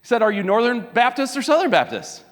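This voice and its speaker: A man doing an eager, nitpicking churchgoer, pitched up. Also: very animated, fast talker. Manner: eager questions, then an outraged shout. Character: zealous male churchgoer on a bridge, nitpicking. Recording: long echo of a large hall.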